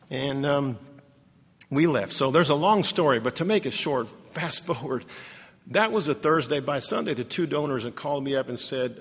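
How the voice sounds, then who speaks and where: Male speaker, sermon storytelling; husky, fry-heavy voice; long hall reverb. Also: medium pitch, a bit bright. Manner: emotional, halting storytelling with repeated restarts. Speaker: ministry leader telling a story.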